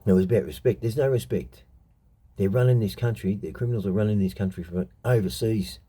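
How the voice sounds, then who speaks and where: A middle-aged Australian man rants in an unscripted monologue, blunt and full of swearing. His voice sits low, with a very dark, mellow tone and a husky edge. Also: fairly quick. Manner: blunt, heated, profane ranting. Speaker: show host telling stories.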